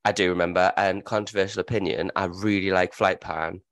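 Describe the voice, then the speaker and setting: A man co-hosting a podcast in casual, excitable chat and swearing freely. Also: low voice, brisk, no room sound. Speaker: podcast co-host.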